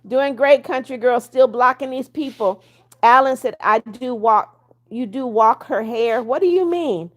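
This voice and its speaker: A woman's voice: a little high, a little slow. A woman hosting a livestream, reading viewer comments aloud and answering them in a firm, blunt way. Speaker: livestream host.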